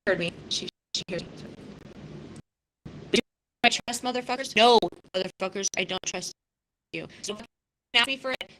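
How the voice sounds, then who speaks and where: Bright-voiced woman in her fifties, raw and profane. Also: medium pitch, a little hiss or hum, low-quality recording. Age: 50s. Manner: raw, emotional and profane, with many restarts. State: close to tears. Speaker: podcast host. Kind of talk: casual live podcast talk.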